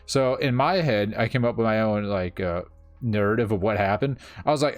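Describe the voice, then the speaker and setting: A man's voice: on the low side, normal speed, dry recording. A man co-hosting a casual chat, blunt and sarcastic with plenty of swearing.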